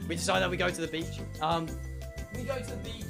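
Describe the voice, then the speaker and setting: A man's voice: sits high, fast talker, gravelly, music in the background. A young British man in his twenties telling rambling, swear-filled stories on a livestream. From United Kingdom. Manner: rambling, swears a lot, many restarts. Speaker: streamer. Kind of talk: casual storytelling on a livestream.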